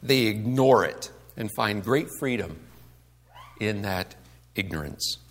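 A man's voice: fairly low pitch, animated, takes it slowly. A man giving a conversational sermon to a congregation, asking rhetorical questions and acting out the complaints he quotes. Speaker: pastor.

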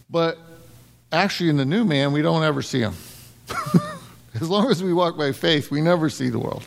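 At a moderate pace and with vocal fry, a middle-aged preacher gives an animated, conversational sermon to his congregation, pausing often. He laughs a lot and jumps up in pitch when acting out lines.

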